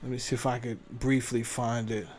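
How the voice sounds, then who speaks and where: A male host with a medium-pitched, slightly mellow voice gives casual commentary while browsing clips, speaking flatly at a moderate pace. He rambles, interrupts himself, and thinks aloud as he looks things up, with slight background noise present.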